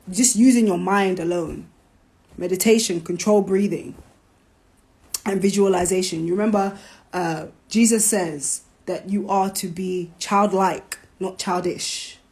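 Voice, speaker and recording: A woman hosting a live stream, talking casually, animated and preachy, with playful jabs. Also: mid-range voice, unhurried. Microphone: phone.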